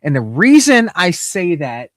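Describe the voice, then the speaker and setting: A man's voice: high-pitched, very animated, a little slow, no room sound, studio quality. A man in casual chat, talking through his collection in a rambling way with many fillers and restarts. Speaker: guest showing his mask collection.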